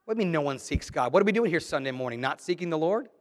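A man's voice: on the high side, lively intonation, very fast, big-room sound. A middle-aged man preaching a sermon in a church, reading scripture and speaking in an emphatic, conversational way. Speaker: pastor. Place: church sanctuary.

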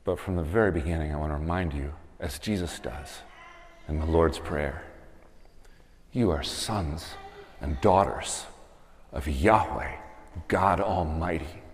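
A man's voice: a bass voice, a little slow, long pauses. A man in his thirties preaching a sermon, telling stories and building to emphatic appeals. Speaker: pastor. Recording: long reverb of a church hall.

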